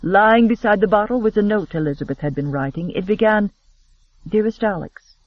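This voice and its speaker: A man narrating a romance audiobook in a steady, expressive storytelling manner. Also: high voice, a little fast, no echo, dull audio.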